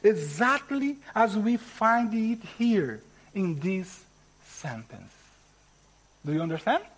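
A man with a Portuguese accent, a native Portuguese speaker, preaching a sermon in slow, emphatic teaching style. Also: high-pitched, sing-song, low-quality recording. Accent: Brazilian Portuguese.

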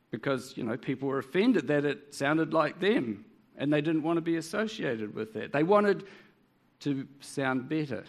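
A man's voice: a little high, lively intonation, normal speed. A man with a New Zealand accent preaching a sermon, earnest and full of rhetorical tag questions.

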